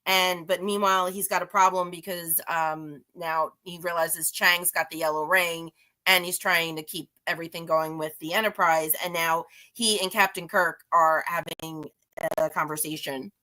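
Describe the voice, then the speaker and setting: A chatty woman recapping a comic book in a casual, rambling way, laughing at herself as she restarts her sentences. Her voice is bright and fairly low. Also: fairly even intonation, moderate pace. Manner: chatty, rambling, self-deprecating. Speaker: guest reviewer.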